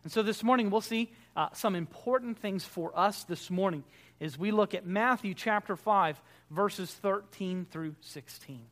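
A man, a Baptist pastor preaching a sermon, emphatic and swinging between loud declarations and quiet, soft prayer. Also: high voice, a little slow.

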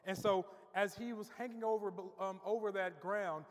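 Male preacher, high pitch, sermon in a big reverberant sanctuary. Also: steady tone, moderate pace. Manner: preaching with rising emphasis, repeats words as he builds. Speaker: pastor. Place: church sanctuary. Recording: long reverb of a church hall.

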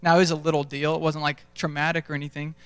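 A man's voice: a little high, level tone, fast talker, a bit bright, clean tone. A young man preaching a sermon, telling self-deprecating stories in a conversational way. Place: large church stage. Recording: sermon in a reverberant hall.

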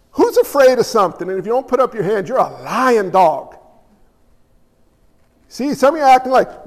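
A male pastor delivers a sermon in a church, animated and blunt in his emphasis. His voice sits high for a man. A long hall reverb trails every phrase. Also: fairly quick.

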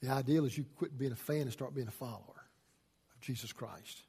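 A man preaching a sermon as a pastor, folksy and swinging from loud emphasis to hushed asides. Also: medium pitch, a little fast, vocal fry, husky.

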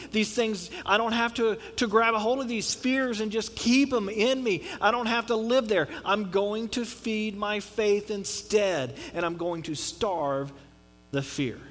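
High-voiced pastor preaching in a hall. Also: male voice, measured pace, fairly bright tone. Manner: conversational preaching with dramatic drops and rises. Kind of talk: sermon.

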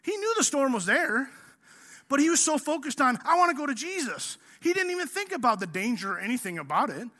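A male pastor preaching a sermon in a casual, energetic way, acting out the story as he tells it. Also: extremely high pitch, brisk. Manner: energetic, casual preaching, says "man" often; acts out the story.

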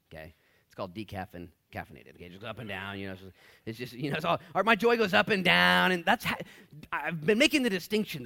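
Male pastor, sermon, lively swooping pitch, excitable, joking asides, middle-pitched voice. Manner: soft, hushed when praying.

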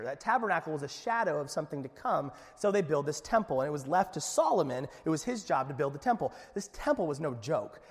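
A man preaching a sermon to his congregation, speaking conversationally with asides and building to emphatic peaks. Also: fairly high pitch. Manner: animated preaching with rising emphasis. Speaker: pastor. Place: church sanctuary. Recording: echoey hall.

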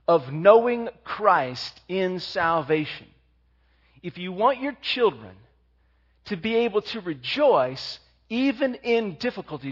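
A man preaching a sermon, reading scripture slowly and then speaking with rising energy. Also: fairly high pitch, slightly rough, lo-fi sound. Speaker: pastor.

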